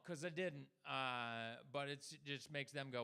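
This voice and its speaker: Gravelly deadpan man doing stand-up. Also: mid-range voice, unhurried, hardly any pauses. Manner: deadpan, crowd-addressing, mock voices for quotes. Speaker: stand-up comedian. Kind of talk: stand-up comedy set.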